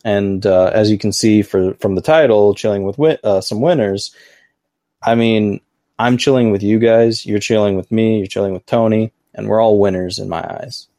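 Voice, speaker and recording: Mellow-voiced man hosting a rambling podcast. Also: on the low side, normal speed, no echo, studio quality. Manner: rambling, filler-heavy, easygoing. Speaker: podcast host. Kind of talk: casual livestream chat.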